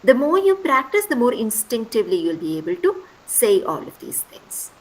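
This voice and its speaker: Female workshop instructor, higher voice, patient, keeps checking with "right?", video call. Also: sing-song, moderate pace, poor audio. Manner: patient, repeats key points with "right?". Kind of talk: online class teaching.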